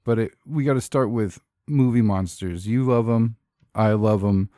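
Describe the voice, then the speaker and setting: Swearing freely and laughing a lot, a man co-hosts a podcast full of casual, jokey, profane banter. He speaks at a moderate pace in a mellow voice on the low side. The sound is dry and of studio quality.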